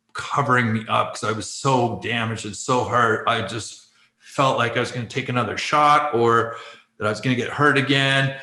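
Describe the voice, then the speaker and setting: Bright-sounding guy in his 40s telling his story, laughs a lot, plays out the back-and-forth, echoey room. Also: medium pitch. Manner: animated, laughs often, acts out quoted exchanges. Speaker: guest, former pro athlete turned life coach. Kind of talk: candid conversational storytelling.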